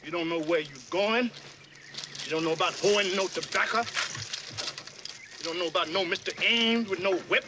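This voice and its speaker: A man's voice: sits high, normal speed, long pauses, background noise, natural voice. An actor playing an older enslaved man who bossily drills a newcomer, in a heavy Southern dialect drawl. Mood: scolding. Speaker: actor in a film scene.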